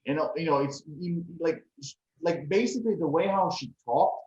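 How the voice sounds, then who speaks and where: A man's voice: a little high, normal speed, a little mellow. Male podcast co-host from Croatia; casual, rambling delivery, echoey muffled recording. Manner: rambling, many fillers like "you know". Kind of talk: casual movie review chat. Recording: echoey room, dull lo-fi sound.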